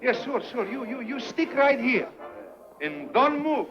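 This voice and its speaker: Flustered cafe owner. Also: male voice, very high voice, very animated, a little slow, over music, full character voice. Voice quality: fractured comic English, flustered. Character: excitable male cafe owner with broken English. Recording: dull old film soundtrack from TV.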